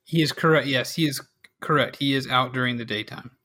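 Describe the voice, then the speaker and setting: A man narrating a tabletop game as game master, relaxed and full of fillers. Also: mid-range voice, a little fast.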